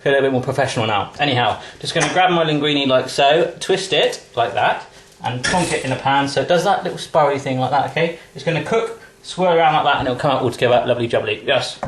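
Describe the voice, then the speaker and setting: A man's voice: medium pitch, fast, echoey room, a little hiss or hum. A man hosting a cooking show, chatty, jokey and playful as he cooks in a home kitchen into a camera on a tripod. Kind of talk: casual cooking demonstration.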